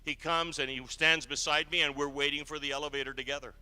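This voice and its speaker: A man preaches to a congregation with a crisp, resonant voice that has a hard, bright edge. He tells his story with shifts between hushed and emphatic passages. His words trail into the long echo of a church hall. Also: on the high side, steady tone, fast. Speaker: guest preacher. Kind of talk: sermon storytelling.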